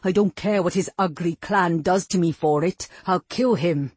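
A woman's voice: lowish voice, normal speed, no echo. A woman reading the part of an angry, bedridden older warrior lord who barks curses and threats. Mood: threatening. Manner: gruff, shouting curses. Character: angry sick old male warrior lord.

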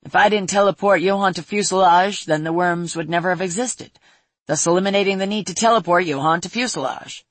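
A woman reading a storybook voices a composed sorceress who explains past events in a measured way. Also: fairly low pitch, dry recording, natural voice. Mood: explaining.

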